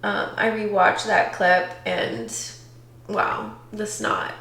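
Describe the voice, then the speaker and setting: A young woman vlogging from her apartment, talking softly and haltingly, tearful and reflective, with many pauses. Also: medium pitch, big pitch swings, creaky. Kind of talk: emotional personal vlog. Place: apartment bedroom, indoors.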